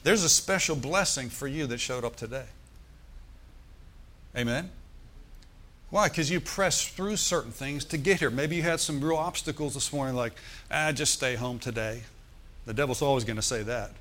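A male pastor preaching a sermon, calling out to the congregation for responses and swinging from loud bursts to soft, low asides. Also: moderate pace.

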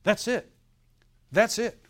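A man's voice: high voice, slow, fairly bright tone. A male pastor preaching a sermon, telling a story and often asking the congregation for an amen, with a laugh now and then.

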